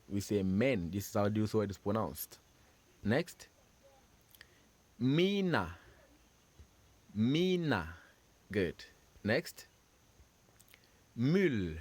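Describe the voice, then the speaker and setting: A man teaching French pronunciation, patiently drilling sounds for the listener to repeat and praising each try. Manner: patient, drills sounds, stresses syllables higher and louder. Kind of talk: slow repeat-after-me lesson.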